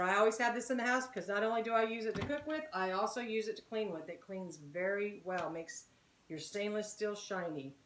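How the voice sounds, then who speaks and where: A woman's voice: a little high, fairly bright tone, a little hiss or hum. Chatty woman cooking in an echoey kitchen. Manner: chatty, talks straight to viewers as "guys" and "y'all". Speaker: home cooking channel host. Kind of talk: casual cooking demonstration. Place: home kitchen.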